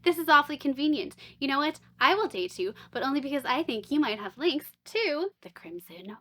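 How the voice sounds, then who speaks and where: A woman's voice: high voice, sing-song, brisk, pushed and bright, full character voice. A woman playfully quoting a suspicious young male witch hunter in a skeptical, scheming way.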